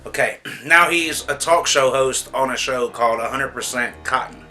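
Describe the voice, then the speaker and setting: Over soft background music, a male channel host chats loosely through a casual movie review vlog, frank and exasperated, repeating "you know what I'm saying." His medium-pitched voice is bright and forceful, at a moderate pace.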